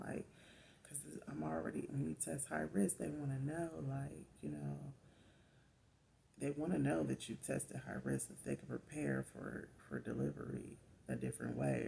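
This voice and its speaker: A woman, a mother of four, casually telling her own story in an animated way, getting louder as she relives the pain. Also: deep voice, vocal fry, slight background noise. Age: adult mother of four. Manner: animated retelling, rising loud when reliving pain.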